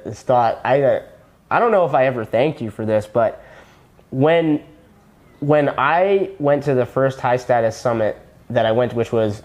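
Young male podcast guest, middle pitch, earnest, rambling, casual storytelling. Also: a little mellow. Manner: rambling with many restarts, earnest, acts out quoted dialogue. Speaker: guest, former personal trainer turned copywriter.

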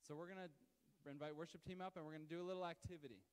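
High-voiced man preaching in a hall. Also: racing, clear, resonant tone. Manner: conversational, animated preaching with many asides. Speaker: pastor. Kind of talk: sermon. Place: church hall, live service.

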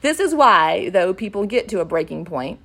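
A woman with a gravelly, slightly husky voice that swoops up and down as she talks. She co-hosts a casual chat and tells her stories with giggly, drawn-out expression. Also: mid-range voice, big pitch swings, a bit bright. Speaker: co-host.

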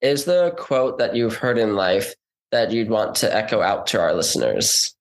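A man's voice: lowish voice, big pitch swings, normal speed. A man hosting a casual interview, asking questions in a loose, rambling way full of fillers. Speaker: interviewer, host.

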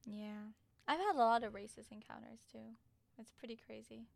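A woman's voice: a little high, normal speed, creaky, dry recording, studio quality. Young Filipino woman, laughing co-host. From Philippines. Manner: laughs often, teasing. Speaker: podcast co-host. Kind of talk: casual chat.

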